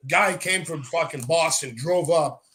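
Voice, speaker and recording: An American man hosting a casual podcast chat, telling loud stories full of swearing. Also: fairly high pitch, a little slow. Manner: swears a lot, loud storytelling.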